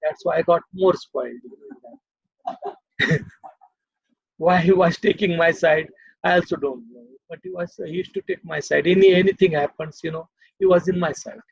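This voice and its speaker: A man's voice: high voice, lively intonation, normal speed, creaky, pauses often, husky, no room sound, muffled recording. An older man with an Indian English accent, telling stories from his childhood as a guest, rambling with many fillers. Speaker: guest storyteller. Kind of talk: casual reminiscing. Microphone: video call.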